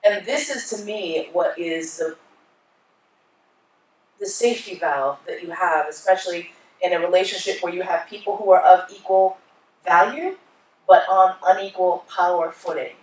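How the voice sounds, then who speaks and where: Animated woman speaking in an echoey hall. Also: fairly low pitch, moderate pace, recorded from a distance, slight background noise. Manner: animated storyteller, acts out voices. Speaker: keynote speaker. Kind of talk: onstage conversation with audience. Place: conference hall.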